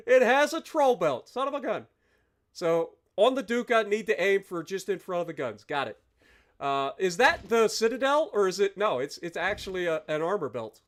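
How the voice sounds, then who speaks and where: Loud, animated male game streamer. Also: high voice, a little fast. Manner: loud, exaggerated reactions; thanks donors, talks to chat. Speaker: live streamer. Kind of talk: live game stream chat.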